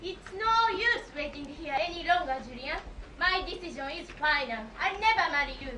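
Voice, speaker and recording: A woman's voice: very high voice, lively intonation, normal speed, bright, forceful tone, full character voice. A woman playing a prim, cool receptionist. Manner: crisp, formal, dismissive. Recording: echoey hall, far mic, hiss.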